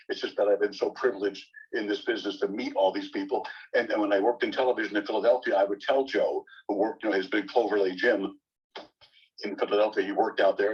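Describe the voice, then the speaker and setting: An older man, a sportscaster guest, telling long animated anecdotes in conversation, often repeating words as he starts sentences. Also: lowish voice, breathy edge. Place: bookstore event. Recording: distant, dull lo-fi audio.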